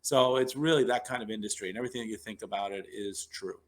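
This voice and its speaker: A New York neurologist in his fifties, a guest on a casual storytelling interview podcast, spins long, rambling stories full of fillers and restarts. His voice is fairly low and quick.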